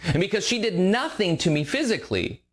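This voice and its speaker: A man's voice: high-pitched, very animated, brisk. A man hosting a podcast, telling a personal story in a candid, reflective, conversational way. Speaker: podcast host.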